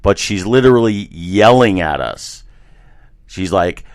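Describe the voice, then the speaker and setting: A man with a fairly low voice co-hosts a casual podcast from a hotel room. He laughs often and tells animated stories. The sound is dry and close. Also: slow pace, no room sound. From Florida. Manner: laughing, animated storyteller, plays up a lost voice as a joke. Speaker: podcast co-host. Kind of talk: casual chat.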